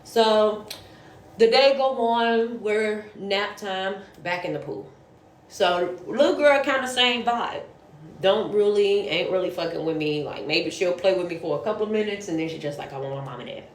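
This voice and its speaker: A woman's voice: medium pitch, a little slow. A woman telling a casual story about her work as a nanny, blunt and profane, sounding exasperated. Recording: roomy echo.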